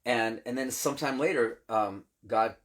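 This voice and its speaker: A man with an ordinary mid-range voice leads a relaxed Bible discussion as a pastor. He retells scripture in plain, everyday language and keeps checking in with his listener. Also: mid-range voice, normal speed. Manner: informal, explains scripture in everyday words with frequent "right?". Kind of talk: casual Bible teaching chat.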